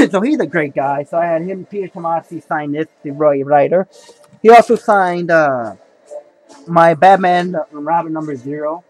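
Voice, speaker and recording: Young male vlogger, high voice, rambling casual delivery, faint music under. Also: moderate pace, rough recording. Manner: rambling, repeats himself, says "folks" and "you know". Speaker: comic collector vlogger. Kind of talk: casual haul video talk.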